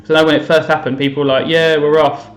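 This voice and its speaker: A man's voice: on the high side, little pitch movement, quick pace, roomy sound. A man chatting casually on a live stream while playing a game, self-mocking and thinking aloud to his viewers. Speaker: teacher streaming to students. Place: home room.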